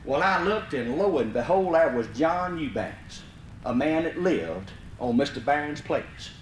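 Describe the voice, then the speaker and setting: A man's voice: fairly high pitch, big pitch swings, measured pace. A man from Mississippi with a Southern US accent, telling a folksy comic story to a live audience and breaking into hollers. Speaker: comedic storyteller. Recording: vinyl live recording, roomy, faint hiss.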